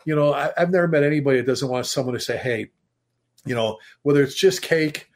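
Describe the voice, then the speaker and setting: His voice is on the high side and a little fast. A middle-aged fire chief and author, he tells emphatic stories as a guest in a casual podcast talk, occasionally letting slip some mild swearing.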